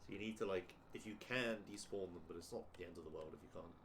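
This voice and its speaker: A man casually coaching someone through a game run, relaxed and instructive, with lots of fillers. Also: low voice, fast talker, vocal fry, a little hiss or hum. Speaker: streamer coaching a speedrun.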